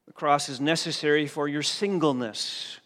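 A man's voice: fairly high pitch, normal speed, a bit bright. A male pastor preaching a sermon in a church, pressing his listeners with emphatic questions. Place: church sanctuary. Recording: long reverb of a church hall.

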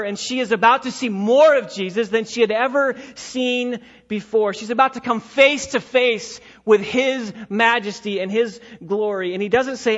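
High-voiced preacher with dramatic swings. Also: male voice, a bit bright, muffled recording. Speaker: pastor. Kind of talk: sermon.

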